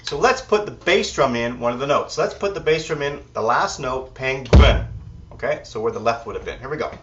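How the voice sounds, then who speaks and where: A man teaching drums talks slightly fast in a mid-range voice, counting out beats and thinking aloud in an easygoing way as he demonstrates. The audio is very noisy, dull and distant-miked, with loud drums and music filling the kit room.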